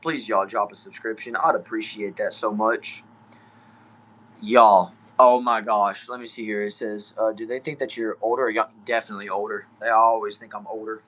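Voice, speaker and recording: A man's voice: fairly low pitch, flat delivery, moderate pace, a bit bright. Easygoing young Texan man with a Southern drawl. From Texas. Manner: easygoing, chatty, says y'all and bro a lot. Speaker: livestream host. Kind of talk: casual livestream chat, reading comments. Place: small back shed, indoors.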